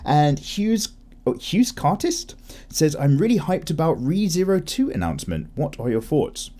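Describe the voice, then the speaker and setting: Chatty man with lively pitch. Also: moderate pace. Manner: chatty, rambling, self-correcting with laughs. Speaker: art channel host. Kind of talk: casual chat while drawing.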